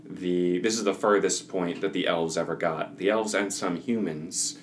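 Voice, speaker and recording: A man with a low voice runs a tabletop role-playing game and narrates the scene for his players. He tells it in a relaxed, rambling way, with fillers and laughs along the way. A faint hiss sits under the recording. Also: moderate pace. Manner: laid-back storytelling with frequent fillers and laughs. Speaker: game master.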